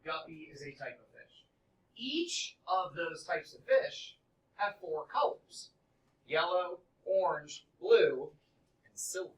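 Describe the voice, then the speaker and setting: A man's voice: a little high, lively intonation, takes it slowly, fairly bright tone. A man teaching a middle school math class, quizzing students in an upbeat, coaxing way. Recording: echoey classroom from far off.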